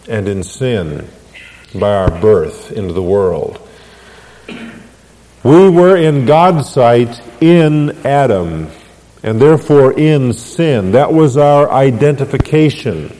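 Male preacher, deliberate teaching sermon with rhetorical questions, hall reverb. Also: medium pitch, warm tone. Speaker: pastor.

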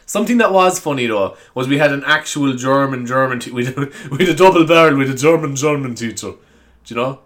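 A young adult podcast host with an Irish accent chats alone in a rambling solo episode, her medium-pitched, fairly bright voice moving a little fast. She's self-mocking, giggly and apologetic, laughing often.

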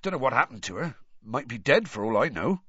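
A man voicing a gentle half-giant with a husky, quiet voice. He speaks low and earnestly, with plain country-style phrasing. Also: sing-song, brisk, dry recording, dull audio, heavily acted. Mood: wistful. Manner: quiet, low and soft-spoken.

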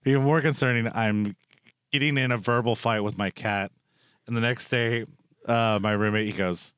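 A man's voice: medium pitch, fairly even intonation, moderate pace, a bit bright, clear, resonant tone, dry recording, studio quality. A young man hosting a casual chat, rambling and joking with lots of filler words. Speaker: podcast host.

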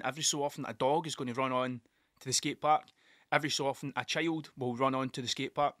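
Bright, sweary Scottish man rambling. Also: medium pitch, fast talker, no room sound, clean studio sound. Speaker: podcast host. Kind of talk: casual solo monologue.

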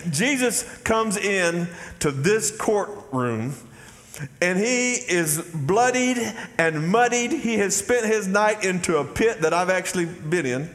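A pastor preaches in a fairly high voice, folksy and direct with his congregation. His words ring out with a long hall reverb behind them. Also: animated, slow pace, a bit bright. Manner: folksy preaching, calls out "y'all" and "Amen?" to the congregation. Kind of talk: sermon.

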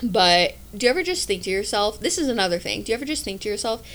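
A woman in her twenties hosting a casual solo podcast, talking in animated, rambling asides and swearing freely. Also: medium pitch, fast, few pauses, slight background noise. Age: 20s. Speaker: podcast host.

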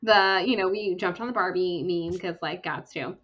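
A young woman co-hosting a casual book podcast, retelling chapters in a chatty, lively way with lots of fillers. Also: fairly low pitch, moderate pace, dull audio. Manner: chatty, animated storytelling with fillers. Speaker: podcast co-host.

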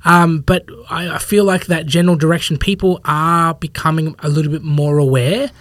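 A man with a slightly high, steady, somewhat bright voice talks at normal speed in a dry recording. He's a fitness professional guesting on a podcast, rambling casually in a conversational interview and acting out others' thoughts in quotes.

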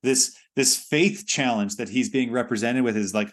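A man's voice: medium pitch, moderate pace, hardly any pauses. A man preaching a sermon in a conversational way, often restarting phrases and filling with "you know".

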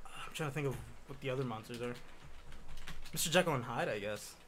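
Chill young dude talking quick, short answers, faint room hum behind. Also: male voice, mid-range voice, a bit bright. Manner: laid-back, short replies. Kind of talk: casual chat.

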